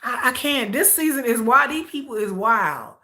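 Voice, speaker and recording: A woman's voice: on the high side, expressive, moderate pace, bright, forceful tone. An American woman hosting a casual livestream, ranting with disbelief and mocking the people she reacts to. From United States. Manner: outspoken, incredulous ranting with mocking mimicry. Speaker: live-stream host reacting to a reality show.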